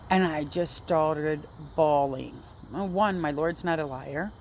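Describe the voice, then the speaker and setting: Seated indoors at home, a woman shares a personal religious testimony in a casual, rambling vlog, speaking earnestly and often restarting her sentences. Her voice is deep and a little mellow at a measured pace, with slight hiss or hum on the recording.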